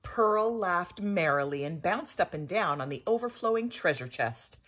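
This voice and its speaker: A woman tells a children's story aloud in an expressive, playful way. Her voice is lowish and breathy, slow in pace, with wide swoops of pitch.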